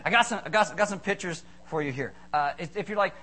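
A male pastor giving a jokey, animated sermon, acting out little voices as he tells his stories. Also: high-pitched, fast talker. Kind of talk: humorous sermon.

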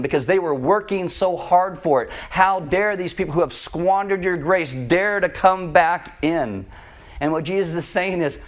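A man preaching a sermon, retelling a parable in an animated, conversational way. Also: on the high side. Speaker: pastor.

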